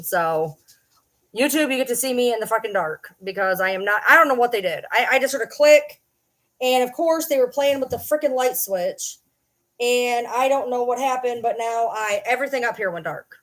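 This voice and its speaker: A woman, her voice sitting a little high, holds a loose, rambling livestream chat from her desk at home. She swears freely, mocks herself and keeps breaking off to talk to her viewers and her dog. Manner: profane, rambling and self-mocking, chatting with viewers and her dog. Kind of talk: casual live-stream chat.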